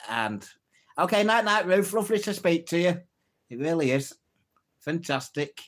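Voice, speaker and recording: A man's voice: on the high side, expressive, normal speed, pauses often, a bit bright. Chatty man telling jokes. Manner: chatty, laughs at own jokes, reads out comments. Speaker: livestream host. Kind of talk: casual live-stream chat telling jokes.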